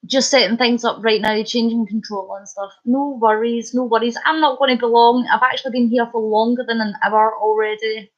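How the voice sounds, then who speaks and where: A Scottish woman chatting casually on her live stream, bubbly and quick to laugh. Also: on the high side, steady tone. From Scotland. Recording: dull lo-fi stream audio.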